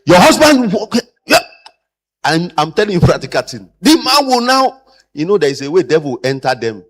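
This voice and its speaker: Guy teaching caregivers, bit high voice, super expressive, acts out quotes. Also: brisk. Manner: animated, acts out quoted people. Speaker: trainer. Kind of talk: lecture to caregivers.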